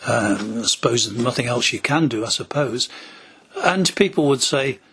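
A man's voice: mid-range voice, expressive, normal speed, a bit bright, slightly rough. A man preaching a sermon as a pastor, telling stories and acting out quoted voices, sometimes dropping to a whisper.

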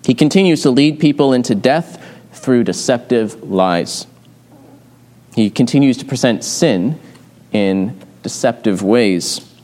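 A man preaching an expository sermon in a measured, explanatory way, pausing often with "uh" as he works through the text. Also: medium pitch, expressive, darkish tone. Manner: measured and explanatory, with frequent "uh" pauses.

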